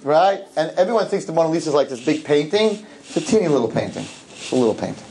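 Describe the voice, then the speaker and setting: A man giving a humorous, animated talk to a live audience, full of rapid asides and repeated words. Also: a little high. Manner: animated, joking, rapid-fire asides and repetitions. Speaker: rabbi giving a public talk.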